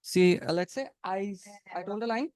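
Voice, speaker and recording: A man teaches English conversation over a webinar video call. His voice is high and notably clear. The sound is dry and close, and he coaches his students by repeating his points. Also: moderate pace, darkish tone, no room sound. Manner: encouraging, repeats phrases, coaching tone.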